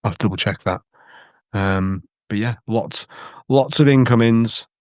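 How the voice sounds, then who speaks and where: A man's voice: lowish voice, unhurried, dry recording, studio quality. A man co-hosting a casual football podcast, rambling and hesitant with many restarts. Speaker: podcast co-host. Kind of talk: casual chat.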